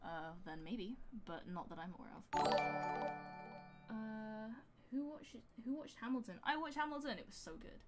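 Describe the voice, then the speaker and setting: A woman's voice: fairly high pitch, moderate pace. A woman chatting casually on a live stream while making music, rambling with lots of fillers and reading out chat. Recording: music playing behind the voice.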